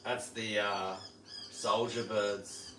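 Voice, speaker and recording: An Australian livestream host chats casually in a laid-back, slangy way, mimicking bird calls. His fairly low voice is level and fairly bright, with drawn-out words, and the roomy recording has a distant mic, faint ambience, and slight background noise.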